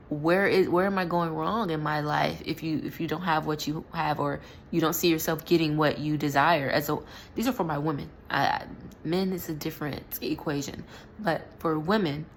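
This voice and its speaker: A young woman with a notably low voice talks through a personal story in a loose, rambling way, stopping and restarting often. A faint hiss sits under the recording. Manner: rambling, filler-heavy, self-correcting. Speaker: spiritual vlogger. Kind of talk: casual storytelling monologue.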